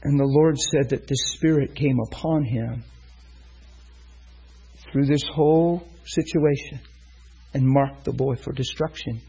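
A man's voice: medium pitch, steady tone, a little slow, mellow, breathy edge, lo-fi sound. A man preaching a sermon, telling a story and acting out the voices of the people in it. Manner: storytelling, acts out voices in quotes.

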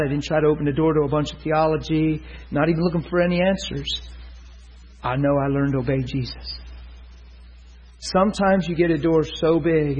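A man's voice: on the high side, darkish tone, slightly rough, lo-fi sound. A man preaching a storytelling sermon, acting out the dialogue with laughter.

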